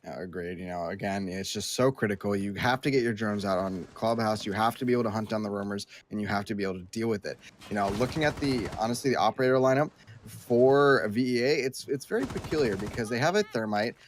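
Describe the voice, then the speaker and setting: A man casting a live esports match, talking quickly through play-by-play and analysis in a chatty, easygoing way. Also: lowish voice, a little hiss or hum. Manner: talkative, quick asides, apologetic host patter. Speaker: esports caster.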